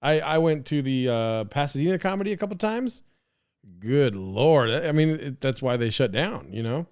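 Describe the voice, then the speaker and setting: A man's voice: medium pitch, animated, normal speed, a little mellow, clear, resonant tone. A man hosting a live stream, rambling in casual commentary with lots of swearing, fillers and restarts. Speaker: podcast host streaming.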